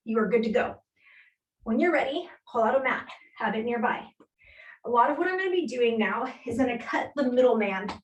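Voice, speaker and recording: A woman leading a live workout class as fitness instructor, cueing moves and counting reps with steady encouragement while she exercises along, a little out of breath. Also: fairly high pitch, a little fast. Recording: echoey room, voice from a distance.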